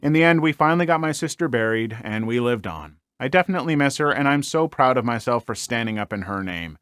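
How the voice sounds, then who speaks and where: A man hosting a story channel, reading online stories aloud and commenting on them in an animated, exclaiming way with frequent filler words. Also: medium pitch, quick pace, clear, resonant tone, dry recording, studio quality.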